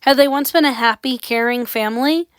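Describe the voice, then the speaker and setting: A woman's voice: a little high, brisk, clear, resonant tone, dry recording. A woman reading a horror story aloud with dramatic, suspenseful narration. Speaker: audiobook reader.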